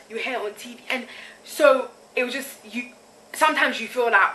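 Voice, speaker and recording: A woman's voice: fairly high pitch, fairly even intonation, fast, bright, forceful tone, low-quality recording. A young woman speaking candidly to her own camera in a confessional vlog, using slang and often checking that the listener follows her. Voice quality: candid, slangy, keeps asking "you get me". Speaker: vlogger. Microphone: camera mic, self-filmed.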